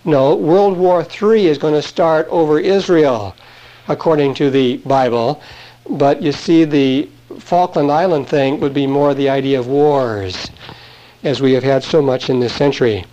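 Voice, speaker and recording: A man's voice: on the high side, measured pace, dark tone, dull audio. A man, a pastor, teaching verse by verse from the Bible in a conversational, explanatory way with asides to his congregation, recorded on an old sermon tape.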